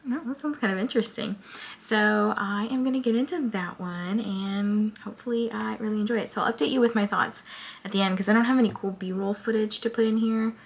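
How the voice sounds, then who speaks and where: A woman's voice: medium pitch, a little fast. A woman book vlogger chatting casually about her reading and reading book blurbs aloud, with a lot of "like" fillers. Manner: chatty, filler-heavy with frequent "like".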